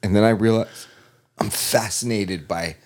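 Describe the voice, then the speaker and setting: A man's voice: fairly low pitch, steady tone, measured pace, a little mellow. A middle-aged man on a podcast, telling a crude story in a rambling way and acting out his own reactions. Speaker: podcast guest. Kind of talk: casual comedic storytelling.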